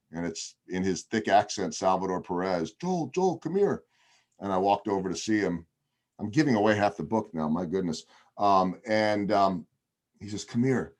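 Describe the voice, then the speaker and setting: A man, a television broadcaster, telling a long story on a video podcast over a video call, chatty with frequent ums and restarts. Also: low-pitched.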